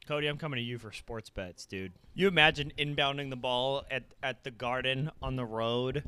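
A young man giving casual, profane play-by-play as a fan while watching a game, bursting into excited shouts. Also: medium pitch, brisk, hardly any pauses, clear, resonant tone, dry recording.

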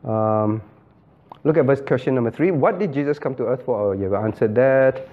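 A man's voice: medium pitch, normal speed. Pastor guy teaching bible study, keeps firing questions at the room, medium voice, muffled lo-fi sound. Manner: questioning, calls on listeners by name, emphatic. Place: church room.

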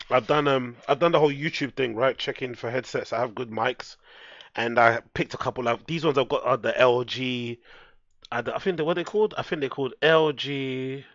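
A man's voice: mid-range voice, a bit bright, dry recording. A man chatting casually with his live-stream audience, laid-back and swearing freely, into a headset microphone. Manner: laid-back, swears a lot, talks straight to his chat. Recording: dull lo-fi headset mic.

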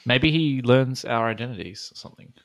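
Gravelly low-key male player. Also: brisk. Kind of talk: tabletop game play.

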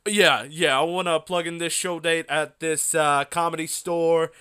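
A man's voice: on the high side, steady tone, measured pace, bright, forceful tone, clear, resonant tone. A man imitating a flustered, distracted male comedian who talks in a hesitant, stumbling way. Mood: fumbling.

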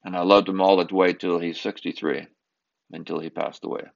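A man's voice: low voice, little pitch movement, vocal fry, lo-fi sound. An older man from Southern California telling a personal family story in an earnest, emphatic way, sometimes repeating himself as he searches for words. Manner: earnest, emphatic, with halting repetitions.

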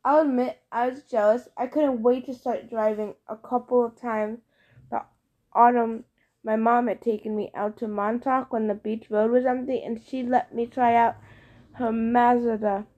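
A woman narrating a first-person audiobook, lively and expressive. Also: fairly high pitch, unhurried, muffled recording.

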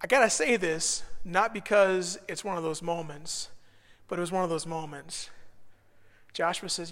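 A man in his thirties preaching a sermon, telling a self-deprecating personal story that builds to shouts. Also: high voice, moderate pace. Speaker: pastor. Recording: long reverb of a large hall.

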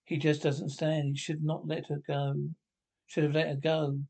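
A man's voice: on the high side, level tone, measured pace, gravelly, warm tone. A man reading the part of a sweet-sounding but resentful young girl from a radio script, in his own plain voice. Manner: reads cues and parts in one plain voice.

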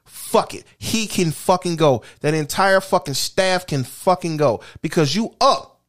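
A man's voice: sits high, lively intonation, unhurried, a bit bright. A man co-hosting a casual talk show, ranting crudely and heatedly about sports, cursing and repeating himself for emphasis. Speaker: podcast co-host. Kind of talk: profane casual sports rant.

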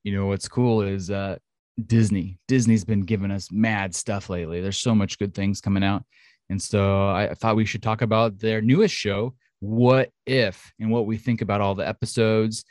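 A man co-hosting a podcast in casual chat, chatty, excitable and jokey. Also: lowish voice, normal speed, no echo, studio quality. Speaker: podcast co-host.

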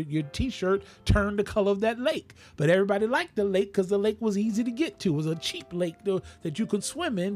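Preaching man, higher voice, soft music behind. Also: slightly rough. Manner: call-and-response preaching, rising to exclamations. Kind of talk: radio sermon.

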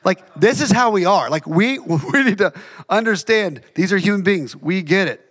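A man's voice: high voice, lively intonation, normal speed, a bit bright. A man preaching a sermon in a conversational, emphatic way, repeating phrases for effect.

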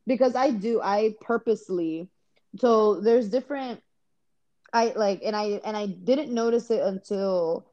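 A woman's voice: medium pitch, a little slow, warm tone. A woman from the US East Coast, a podcast guest telling stories in a rambling casual way, with restarts. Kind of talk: casual conversation. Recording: dull lo-fi audio.

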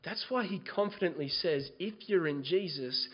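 A man preaching a sermon, moving from quiet scripture reading to loud, impassioned exhortation. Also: fairly high pitch, lively intonation, normal speed, breathy edge, dull audio. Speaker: pastor.

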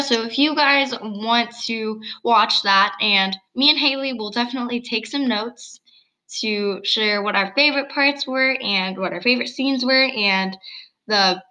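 A girl in her early teens co-hosting a casual video-call chat, giggly, chatty and quick to laugh at herself. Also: a little high, bright, forceful tone, poor audio. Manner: giggly, chatty, self-deprecating. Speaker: co-host. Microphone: computer mic on video call.

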